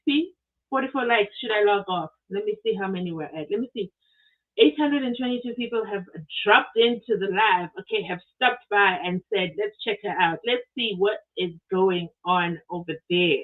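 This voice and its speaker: A woman from South Africa hosting a live stream, chatting casually and reading viewer comments aloud with lively exclamations. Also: mid-range voice, moderate pace. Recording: tinny phone-like audio.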